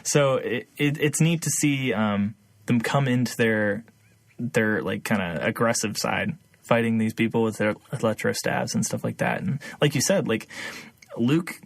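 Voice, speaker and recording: A man's voice: medium pitch, unhurried, creaky, no room sound. A young man co-hosting a podcast, talking casually with lots of fillers and laughing often. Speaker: podcast co-host. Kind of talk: casual chat.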